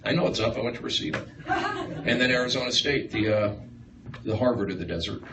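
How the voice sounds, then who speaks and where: A man doing a rambling stand-up set, riffing excitably on the crowd in a small comedy room. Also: mid-range voice, fairly quick. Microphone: far live-stream phone mic. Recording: echoey, distant livestream with room noise.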